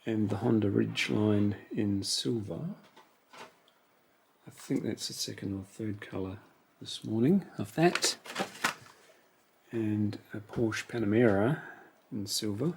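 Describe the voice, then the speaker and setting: Slow and creaky, this collector's fairly low voice has a darkish tone and long pauses as he unboxes toy cars and muses on each one in relaxed commentary to himself. A little hiss or hum sits under the recording.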